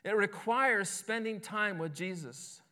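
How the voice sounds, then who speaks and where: Bright-voiced male pastor preaching. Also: sits high, takes it slowly, clear, resonant tone. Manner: conversational, asks "right?" often, repeats words. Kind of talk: sermon.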